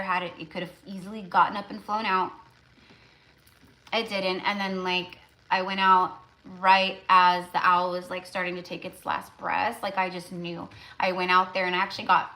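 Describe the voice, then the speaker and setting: A woman's voice: mid-range voice, bright, forceful tone. A woman tarot reader talking casually on a live stream, rambling and emotional, with lots of fillers.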